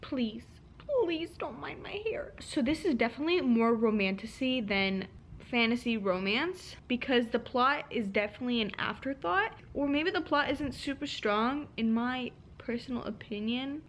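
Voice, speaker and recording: A woman's voice: a little high, fairly bright tone, slight background noise. A young woman chatting animatedly about a fantasy romance book she is reading, with lots of laughs and fillers in a casual vlog. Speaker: book vlogger. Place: at home.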